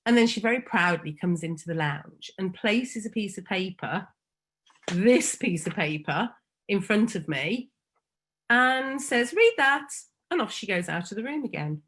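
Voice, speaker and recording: A woman, a foster carer telling a heartfelt personal story, slow and emotional with frequent pauses. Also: medium pitch, animated, a bit bright, husky. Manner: slow and emotional, pausing often.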